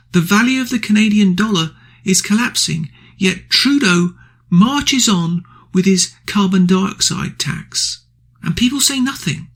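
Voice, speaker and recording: Male radio host, ranting and indignant, with a husky, gravelly edge and a fairly high voice. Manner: ranting, indignant, blunt insults. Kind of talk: angry political opinion monologue.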